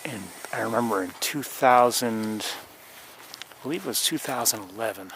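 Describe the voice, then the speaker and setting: A man with a bright, clear-toned voice talks his way along muddy trails in light rain, pausing often and circling back to restart his thoughts. Faint outdoor ambience hangs behind him, recorded on a camera mic. He sounds like a guide chatting to viewers on a birding walk. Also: mid-range voice, a little hiss or hum, poor audio. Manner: rambling, many fillers and restarts. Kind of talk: casual walking narration.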